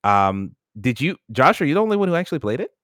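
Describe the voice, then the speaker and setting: A man's voice: a little high, sing-song, fast, a bit bright, dry recording, clean studio sound. A man hosting a casual gaming podcast, swearing freely as he steers the group through its rankings. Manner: loose, profane, runs the ranking discussion. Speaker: podcast host.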